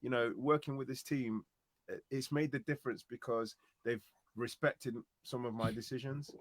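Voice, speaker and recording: A man's voice: medium pitch, steady tone, moderate pace, no echo. A man from Nottingham with an East Midlands accent, a guest songwriter chatting loosely and laughing as he rambles. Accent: East Midlands English. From Nottingham, England. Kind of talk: casual interview chat.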